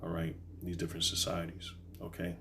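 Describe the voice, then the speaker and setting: A man teaching from the Bible in a casual, halting way, reading verses slowly and filling pauses with "all right" and "okay". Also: sits low, completely flat delivery, gravelly, sharp tone, slight background noise. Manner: reads verses slowly then explains. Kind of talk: informal scripture teaching.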